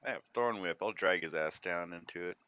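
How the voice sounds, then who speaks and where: A man's voice: low-pitched, brisk, bright, forceful tone, smooth. A man playing in a tabletop game, thinking his moves through aloud. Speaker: player. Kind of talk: casual tabletop play. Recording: dull lo-fi mic.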